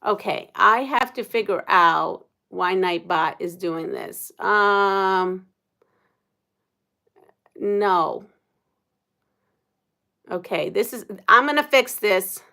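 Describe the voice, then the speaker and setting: A woman's voice: mid-range voice, very slow, vocal fry, pauses often, bright, forceful tone. A woman hosting a casual livestream, chatting and laughing with viewers. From United States. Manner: chatty, laughs often, reads viewer comments aloud. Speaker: livestream host.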